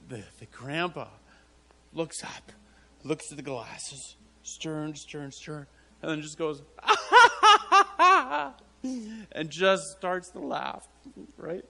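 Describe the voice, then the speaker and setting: A man preaching a sermon to his church, halting and repeating words as he tells a story, often breaking into laughter. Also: fairly high pitch, vocal fry, fairly bright tone. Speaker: pastor.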